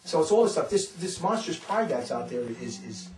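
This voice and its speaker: A man's voice: fairly high pitch, very animated, normal speed, a little mellow, reverberant, recorded from a distance, slight background noise, rough recording. A man who leads a religious community, preaching in a fervent, informal way. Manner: fervent, often acts out others' words. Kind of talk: impassioned informal sermon.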